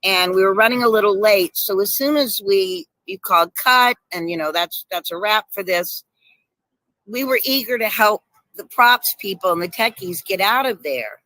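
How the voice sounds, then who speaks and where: A woman guest telling lively stories in casual chat, laughing often over a video call. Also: medium pitch, normal speed, no room sound, poor audio. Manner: animated storyteller, laughs often. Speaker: guest actress.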